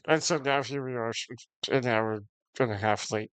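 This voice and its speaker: A man talking to his stream chat in a loose, profane rant, audibly fed up but breaking into short laughs. His voice sits at an ordinary middle pitch. The sound is dry, with no room around it. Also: unhurried, fairly bright tone, clean tone, no echo. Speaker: game streamer. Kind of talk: casual ranting to stream chat.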